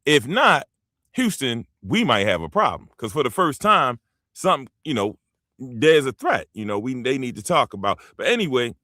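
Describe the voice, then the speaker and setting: Heard in studio-quality audio with no echo, a US man with a mid-range voice hosts his show at a moderate pace. He delivers rambling, animated opinion commentary with plenty of emphasis, speaking directly to those listening.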